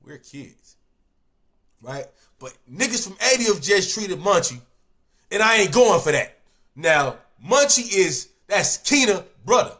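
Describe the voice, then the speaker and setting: Animated high-voiced Chicago man. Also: a little slow. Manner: animated, slangy, repeats "you know what I'm saying". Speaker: storyteller. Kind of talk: casual street storytelling.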